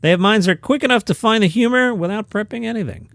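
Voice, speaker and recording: A man hosting a comedy news podcast, reading headlines and quotes with lively, sarcastic asides. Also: sits high, fast talker, gravelly, no room sound, clean studio sound.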